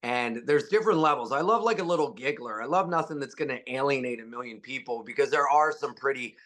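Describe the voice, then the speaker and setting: A man being interviewed as a stand-up comedian, telling stories and jokes casually and jumping into high voices when he quotes people. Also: fast talker, a bit bright.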